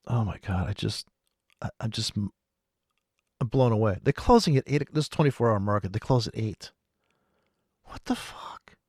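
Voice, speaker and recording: A man streaming about forex trading, ranting in a rambling, profane way with sudden loud outbursts. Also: lowish voice, dry recording, clean studio sound.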